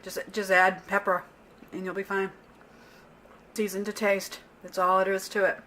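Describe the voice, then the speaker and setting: A middle-aged home cook vlogger talks through a casual cooking demo in a medium-pitched, level, bright and forceful voice at a normal pace, with a little hiss or hum on the recording. She's chatty, easygoing and unscripted, often tripping over a word and backing up to restart and correct herself. Pots, pans and cutlery clink faintly behind her in the kitchen.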